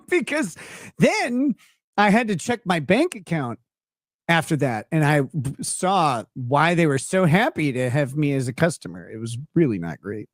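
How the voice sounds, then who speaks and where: A man's voice: fairly high pitch, big pitch swings, a little slow, no echo, studio quality. A man from Minnesota, hosting a show and telling a rambling story in casual chat, laughing often and restarting his sentences. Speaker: show host.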